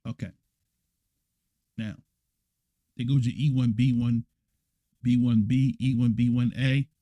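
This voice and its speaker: A man teaching a scripture lesson on a livestream, speaking bluntly and emphatically. He repeats his points and keeps checking in with his viewers. His voice sits at a middle pitch and sounds dry and close to the mic. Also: little pitch movement, unhurried, warm tone, dry recording. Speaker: church elder teaching a lesson.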